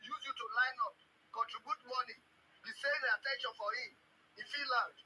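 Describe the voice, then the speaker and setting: A Nigerian man with a very high voice phones in and lectures the other man, pleading with him to wake up. The line is faintly noisy. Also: brisk, pushed and bright. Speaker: caller.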